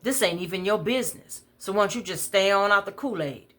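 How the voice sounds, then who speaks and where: A woman voicing an angry middle-aged man in a wheelchair who shouts and curses. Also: low voice, brisk. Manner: loud, cursing, combative.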